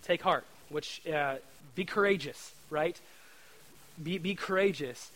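A man preaching a sermon in a chatty, animated way, with lots of fillers and acted-out voices. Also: on the high side, slow.

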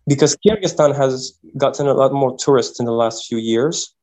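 Man, animated storyteller, mid-pitched, podcast guest. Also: moderate pace, low-quality recording. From Quebec, Canada. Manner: animated, repeats words while thinking. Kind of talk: casual interview storytelling.

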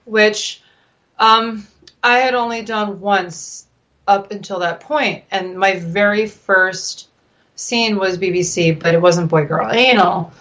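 A woman, a regular guest on a talk show, chatting candidly and telling lively stories. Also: takes it slowly, dull audio. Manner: animated storyteller, swoops high when excited. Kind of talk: candid casual chat.

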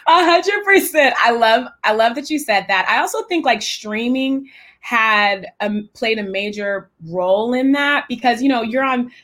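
A woman's voice: fairly high pitch, lively intonation, measured pace, fairly bright tone. A woman interviewer asking questions and giving eager, affirming replies in a casual chat over a video call.

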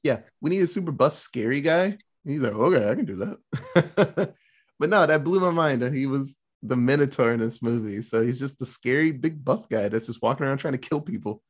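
A man hosting a casual movie-review podcast, talking in an excited, rambling way with plenty of swearing. His pitch sits in the middle for a man, neither low nor high. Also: a little fast. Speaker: podcast co-host.

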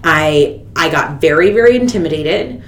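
A woman in her thirties hosting a podcast, telling a story in casual chat and acting out the people she quotes. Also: normal speed. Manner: animated, quotes people with big pitch jumps. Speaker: podcast host. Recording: echoey room with faint rumble.

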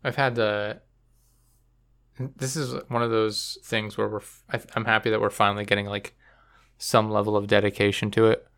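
A man hosting a casual podcast chat, rambling and telling dark jokes with a straight face. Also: fairly low pitch, normal speed, creaky. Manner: rambling, deadpan dark joking. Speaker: podcast host and editor.

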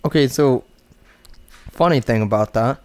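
A man's voice: mid-range voice, measured pace, darkish tone, smooth. Laid-back man in casual banter. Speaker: podcast co-host. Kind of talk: casual chat.

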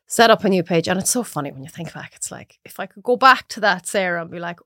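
An Irish woman chatting as a podcast guest, telling lively stories and acting out her own reactions. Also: fairly low pitch, fast, no room sound, studio quality. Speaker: guest cook. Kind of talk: casual chat.

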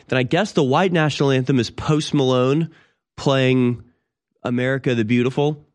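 A man of about thirty delivers an opinion commentary monologue as the show's host. His voice sits at an ordinary middle pitch. He sounds indignant and mocking, breaking into short laughs between remarks. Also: fairly even intonation, normal speed. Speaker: show host.

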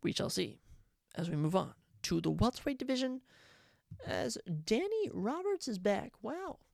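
Female podcast host, casual and excitable, keeps correcting herself; lively delivery. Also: fairly high pitch, normal speed, creaky, no room sound, clean studio sound. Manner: chatty, self-correcting, excitable. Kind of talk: casual sports prediction chat.

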